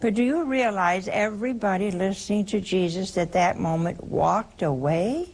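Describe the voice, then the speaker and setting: An older woman hosting a religious call-in show, answering a caller with slow, emphatic explanation and repeated key phrases. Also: medium pitch, darkish tone. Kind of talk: preaching call-in radio answer.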